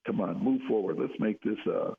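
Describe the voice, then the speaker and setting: A man's voice: lowish voice, moderate pace, gravelly. An older man in radio chat, speaking earnestly and often restarting his sentences. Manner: earnest, repeats words when starting sentences. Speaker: psychologist guest. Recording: tinny phone-like line.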